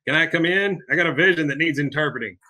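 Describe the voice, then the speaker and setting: A man loosely voicing an excitable, self-deluded middle-aged man while retelling a cartoon scene, in an eager, rambling way. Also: fairly high pitch, fast.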